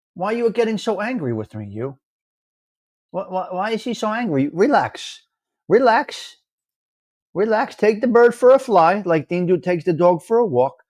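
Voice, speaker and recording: A man chats live with his viewers, greeting them by name and teasing the ones who argue with him. His voice sits high for a man. The sound is dry and close, with no room around it. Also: no echo. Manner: animated, teasing, reads out viewer names and comments. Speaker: livestream host. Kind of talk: casual live chat with viewers.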